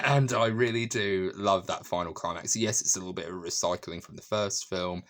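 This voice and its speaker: A man's voice: deep voice, moderate pace, hardly any pauses, fairly bright tone. A man giving a casual, emotional movie review, full of fillers and restarts and frequent laughter. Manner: laughs often while talking. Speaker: film reviewer.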